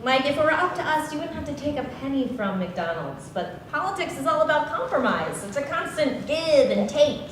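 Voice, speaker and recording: A woman playing an eager campaign consultant in a comedy sketch, chiming in brightly. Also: high voice, sing-song, brisk, hardly any pauses, slight background noise. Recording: echoey room, distant mic.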